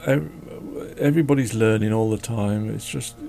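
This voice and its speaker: A man's voice: on the low side, normal speed, vocal fry, dark tone, a little hiss or hum. A man chatting casually as he draws, rambling and joking and talking to his dog. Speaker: drawing channel host. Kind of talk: casual chat while drawing.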